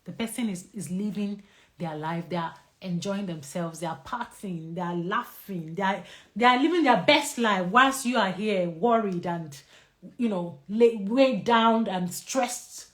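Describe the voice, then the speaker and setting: A woman doctor with a Nigerian English accent giving a lively live talk on stress and answering viewer questions. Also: mid-range voice, unhurried.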